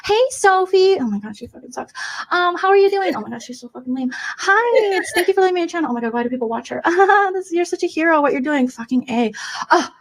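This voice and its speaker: A woman's voice: high voice, dry recording. A woman doing a comedic impression of a self-absorbed 54-year-old livestreamer, rattling off gossip with gasps, swearing and mock innocence.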